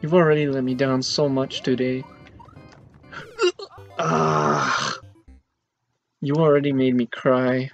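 A dull lo-fi mic captures a man's let's play commentary, with faint game music in the background. His mid-range voice is darkish and level, at a normal speed, as he dramatically and exasperatedly complains about a difficult level he's playing.

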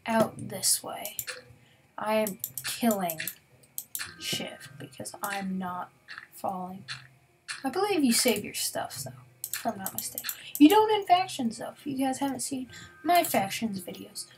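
A young woman giving casual let's-play commentary in a slightly high voice, chatting straight to her viewers. She often slips into a near whisper mid-sentence. A faint hiss sits under the voice. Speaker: gaming YouTuber.

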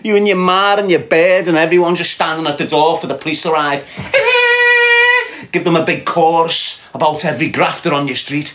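A man's voice: a little high, steady tone, quick pace, few pauses, fairly bright tone. A man with a Liverpool Scouse accent hosting a livestream, reading viewer comments aloud and mocking them with banter and frequent laughs. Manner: mocking banter, laughs often, talks back to chat. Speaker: livestream host.

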